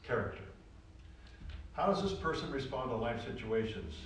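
A man preaching a sermon to a congregation, folksy and animated, repeating phrases for emphasis. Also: mid-range voice, normal speed, slight background noise. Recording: roomy echo, distant from the mic.

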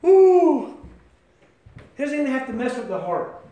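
A man preaching a sermon with great passion, swinging from shouts to near-whispers and calling his listeners by name. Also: extremely high pitch, animated, fast talker, echoey room, muffled recording.

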